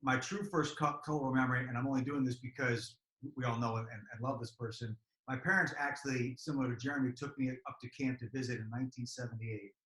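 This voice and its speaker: A man's voice: mid-range voice, fast talker, hardly any pauses. Man, 50s, alumnus guest, nostalgic storytelling, roomy echo. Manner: animated when recalling cheers. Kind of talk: reminiscing interview answers. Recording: echoey room.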